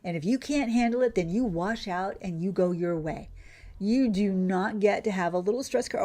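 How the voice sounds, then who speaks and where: A woman's voice: normal speed, mellow. A woman streamer ranting in casual chat while playing a farming game, often losing her train of thought. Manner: ranting, loses her train of thought, mimics others in a higher voice. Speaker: gaming streamer.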